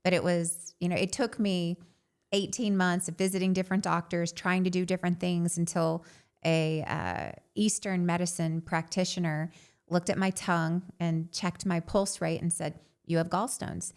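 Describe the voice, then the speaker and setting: A woman in her thirties, a podcast co-host, telling a candid personal story in an animated way and saying "like" often. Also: lowish voice, normal speed, smooth.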